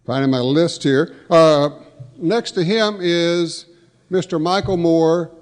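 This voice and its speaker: Folksy male emcee, a touch high, telling jokes at a luncheon in a reverberant hall. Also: slow. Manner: folksy, with self-correcting restarts. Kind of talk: joke-telling emcee remarks. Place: large banquet hall.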